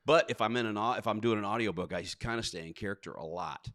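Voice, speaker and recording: A man with a fairly low voice tells stories in a relaxed conversation. He is animated, laughs often, and talks like an audiobook narrator. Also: quick pace. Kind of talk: casual chat, storytelling.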